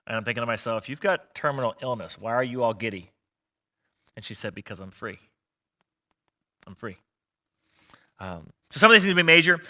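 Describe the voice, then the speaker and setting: A male pastor gives a sermon in a conversational, earnest style, using frequent fillers, restarts, and repeated words. His mid-range voice is bright with a forceful tone.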